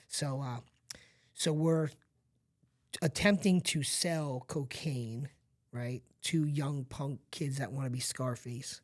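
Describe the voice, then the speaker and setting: A man's voice: medium pitch, fairly even intonation, a little slow. A middle-aged man, a podcast guest, telling a painful personal story in an earnest, confiding way and often checking that the listener is following. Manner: earnest and confiding, talks straight to the listener with frequent asides. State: emotional at times.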